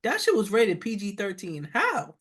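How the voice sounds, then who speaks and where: Loud, blunt New man, high voice. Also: huge pitch swings, normal speed, breathy edge. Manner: loud, blunt and emphatic, profane banter. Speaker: podcast co-host. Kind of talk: casual podcast chat.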